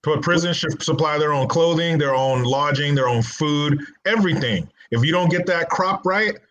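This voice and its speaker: A man talking as a guest on a casual panel, joking bluntly in a deadpan way. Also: fairly high pitch, normal speed, slight background noise.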